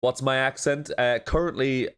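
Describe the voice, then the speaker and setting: A man's voice: medium pitch, steady tone, normal speed, a bit bright, smooth. A man from northeast England with a blocked nose, chatting casually and laughing as he reacts to a show. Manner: chatty, laughing, swearing freely.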